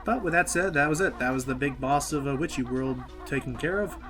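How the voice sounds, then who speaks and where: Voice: mid-range voice, brisk. Chatty gamer commentating over game music. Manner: chatty, explains gameplay while playing. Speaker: player and commentator.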